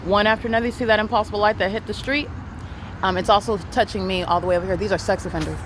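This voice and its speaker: Rapid, urgent speaker on a night street. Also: medium pitch, fairly even intonation, background noise. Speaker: self-documenting vlogger. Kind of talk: street narration to camera. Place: city street outdoors at night.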